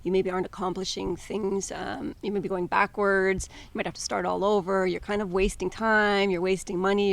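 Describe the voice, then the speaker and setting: Woman co-host, life coach, earnest and encouraging, fry-heavy gravelly voice. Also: fairly low pitch. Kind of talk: casual conversational podcast.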